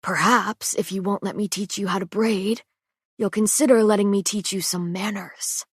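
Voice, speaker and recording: A woman reading the lines of a cocky, teasing young male prince in an audiobook, quiet and smug. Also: medium pitch, steady tone, normal speed, breathy edge, no room sound, studio quality, natural voice.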